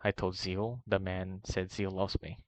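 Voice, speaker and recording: A man reading a long first-person document aloud in a steady, even way. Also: deep voice, a little slow, no room sound. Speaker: reader. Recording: dry, muffled lo-fi voice recording.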